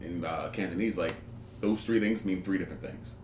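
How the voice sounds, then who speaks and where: Fast-talking man in an echoey room. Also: sits low. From New Jersey. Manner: animated, swearing, slips into mock voices. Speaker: podcast co-host. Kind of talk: casual chat. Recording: echoey room with faint noise.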